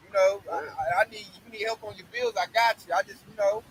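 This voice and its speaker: A man voicing a smooth-talking pastor offering money, in a halting coaxing way. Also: high-pitched, huge pitch swings, a bit bright, slight background noise, full character voice, low-quality recording. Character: smooth-talking middle-aged male pastor, bribing.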